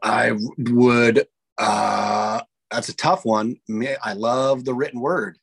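A man's voice: mid-range voice, fairly even intonation, slow, creaky, slightly rough. A man co-hosting a podcast, chatting casually and enthusiastically with frequent restarts. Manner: rambling, enthusiastic, restarts often. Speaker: podcast co-host. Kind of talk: casual chat.

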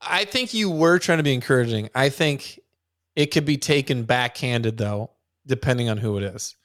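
A man co-hosting a podcast, teasing and quizzing his partner in casual chat and acting out voices in a high pitch. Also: normal speed, a bit bright. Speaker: podcast co-host.

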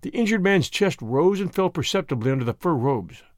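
A man narrates an audiobook in a measured, expressive way. His voice is fairly high for a man and moves widely in pitch. The recording is close and dry. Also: dry recording. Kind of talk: audiobook reading.

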